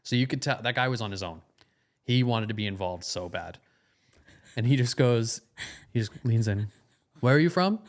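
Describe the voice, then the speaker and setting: A man's voice: lowish voice, normal speed, long pauses. A man co-hosting a podcast, animatedly telling a story with frequent laughs and quoted lines. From United States. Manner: animated storytelling, laughing often, quoting people. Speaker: podcast co-host. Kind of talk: casual chat.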